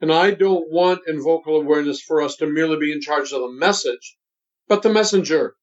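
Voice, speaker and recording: A man in his seventies, a voice coach, talking in a deliberate and emphatic instructive way during an interview. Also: on the high side. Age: 70s. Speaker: voice coach guest. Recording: dull lo-fi sound.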